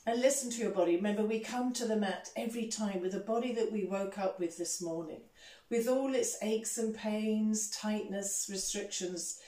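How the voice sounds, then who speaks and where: A woman leads a yoga class with gentle, soothing guidance, her tone mellow and warm. She sits a little back from the microphone, and the room around her rings with echo. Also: medium pitch, normal speed, recorded from a distance. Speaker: yoga teacher. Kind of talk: guided yoga instruction. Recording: echoey room, voice off-mic.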